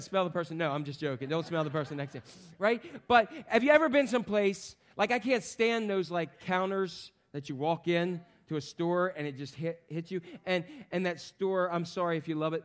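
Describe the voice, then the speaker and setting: A man preaching a sermon to a congregation, animated, asking the crowd questions and acting out the voices of people in the story. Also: high voice. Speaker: pastor.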